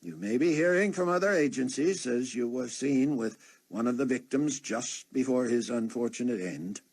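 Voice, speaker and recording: A man voicing a formal, proper police captain leaving a measured message. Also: medium pitch, darkish tone, slightly rough, voice pushed up.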